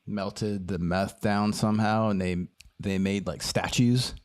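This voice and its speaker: Rambling lower-voiced podcast guy. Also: fairly even intonation, measured pace, a little mellow. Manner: loose, rambling, searches for words. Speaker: podcast co-host. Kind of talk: casual chat.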